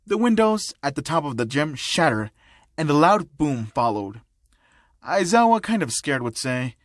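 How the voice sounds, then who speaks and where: A man's voice: fairly high pitch, big pitch swings, normal speed, no room sound, studio quality. A man narrating a fan-made audio story in a plain reading manner. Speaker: narrator and voice actor.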